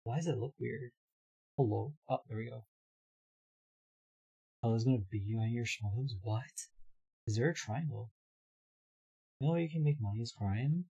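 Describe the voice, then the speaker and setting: A hoarse young man streaming live, chatting casually, reading his chat aloud and laughing often. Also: medium pitch, moderate pace, pauses often, mellow, highs cut off.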